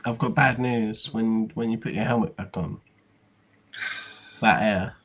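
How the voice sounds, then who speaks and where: A man playing in a tabletop game, chatting in a slow, jokey way. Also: fairly low pitch, highs cut off, a little hiss or hum. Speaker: player. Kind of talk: tabletop role-play chat.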